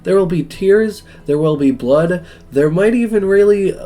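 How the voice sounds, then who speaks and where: A man's voice: sits high, unhurried, dark tone, voice pushed up. A man voicing a grandiose male dog professor in a game, speechmaking theatrically.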